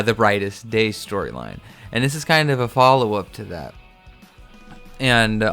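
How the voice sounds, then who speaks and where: A man's voice: medium pitch, a bit bright, clear, resonant tone. A man hosting a casual, amused comic book recap with loose fillers.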